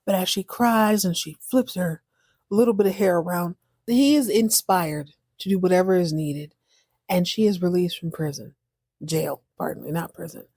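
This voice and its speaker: Woman host, casual comedic recap, sassy and quick-witted, dry close sound. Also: fairly low pitch, gravelly, a little mellow, breathy edge, dry recording. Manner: sassy and playful, voicing characters in quick bursts. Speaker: podcast host recapping a TV series.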